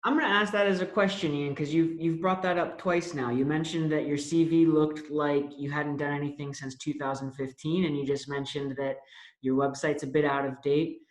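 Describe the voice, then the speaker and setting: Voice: medium pitch, fairly even intonation, normal speed. A webinar host moderates the session over a video call, polite and announcing, with many small fillers between phrases. The voice sits in an echoey room.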